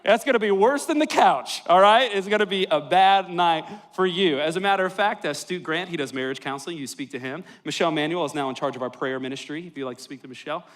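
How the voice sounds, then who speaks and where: Speaking quickly with few pauses, this young male pastor has a highish, somewhat bright voice, with slight background noise audible. His sermon in a church worship hall is packed with self-mocking humor and personal anecdotes.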